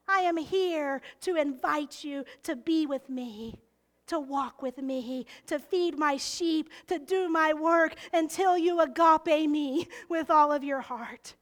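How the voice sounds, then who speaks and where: A woman preaching a heartfelt sermon, slow and emphatic, often dropping to a soft whisper. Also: high-pitched.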